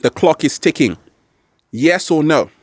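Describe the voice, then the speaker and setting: Lively guy doing a motivational vlog outdoors, voice jumps around, bit high, dry close sound. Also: unhurried, dry recording. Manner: animated, playful, slips into exaggerated quoted voices. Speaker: vlog host. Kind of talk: motivational talk to camera. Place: outdoors in nature.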